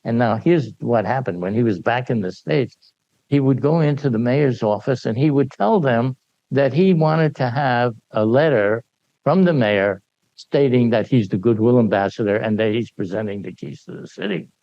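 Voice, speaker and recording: An older man sharing memories with an audience in animated anecdotal storytelling, often laughing and acting out the dialogue. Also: mid-range voice, normal speed, dry recording. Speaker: speaker sharing memories at a gathering. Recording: dull, dry lo-fi recording.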